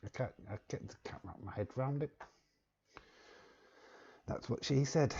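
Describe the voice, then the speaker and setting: English male streamer, quiz host, unhurried and joking, low pitch. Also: creaky, mellow, breathy edge, dull audio. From England. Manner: joking, chuckling, repeats words while reading chat. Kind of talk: casual live-stream chat.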